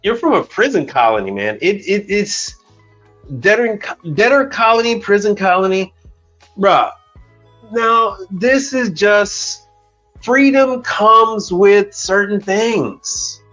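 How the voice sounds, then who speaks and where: A man's voice: sits high, lively intonation, slow pace, fairly bright tone, highs cut off, soft background music. Blunt, profane livestream host, man. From Chicago. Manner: blunt, profane, storytelling with quoted dialogue. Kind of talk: casual livestream rant.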